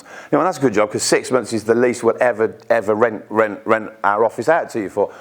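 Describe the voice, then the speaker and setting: A man from the UK giving an informal presentation at an investor networking event, chatty, with quick asides and quoted voices. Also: lowish voice.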